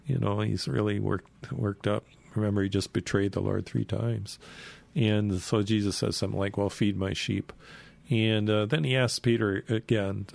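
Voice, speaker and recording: A man casually retelling a Bible story, rambling with many fillers and jumping up in pitch when he acts out quotes. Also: steady tone, moderate pace, gravelly, no echo.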